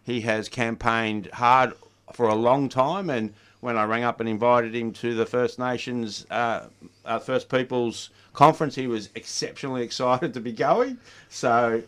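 A man's voice: mid-range voice, steady tone, measured pace, a bit bright, clean tone. A man co-hosting a community radio show, chatting casually with jokes and fillers. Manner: chatty, jokey, hesitant fillers. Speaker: radio co-host, union official.

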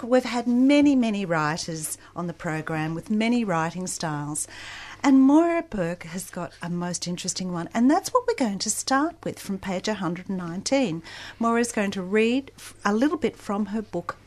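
A woman's voice: medium pitch, moderate pace. Chatty woman radio host. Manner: animated, chatty, bursts of emphasis. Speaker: radio book show host. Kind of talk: radio interview.

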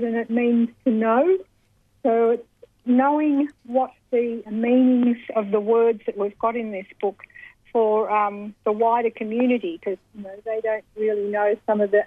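A woman calling in to a radio interview speaks in a hesitant, plainspoken way. Her voice is fairly high, and it comes over a thin, tinny phone line. There is little room sound around her. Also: dry recording. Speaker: elder and linguist, guest.

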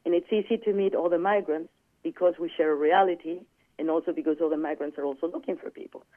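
A man with a high voice tells a personal story in casual chat and animatedly acts out the quoted dialogue. The sound is dry, thin and phone-like. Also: fairly even intonation, fast talker, dry recording. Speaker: guest.

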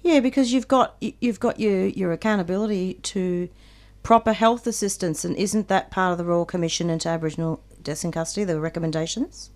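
A woman's voice: fairly low pitch, fairly quick, a little mellow. Emphatic woman radio host. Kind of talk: radio interview.

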